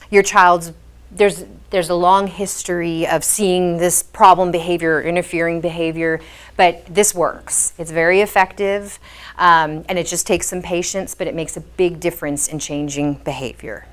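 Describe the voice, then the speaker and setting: Woman behavior specialist, instructional talk for parents, patient and explanatory. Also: lowish voice. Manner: patient, explanatory, frequent "um" fillers.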